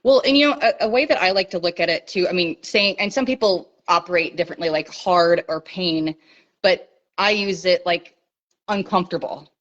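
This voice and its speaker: A woman's voice: fairly low pitch, moderate pace, a bit bright. A woman chatting casually, hesitant and full of fillers. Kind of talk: casual chat. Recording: dull lo-fi sound.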